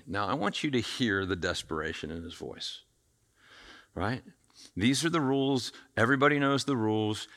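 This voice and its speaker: A man preaching a conversational sermon, acting out the quoted voices with lively shifts in loudness. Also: mid-range voice. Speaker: pastor.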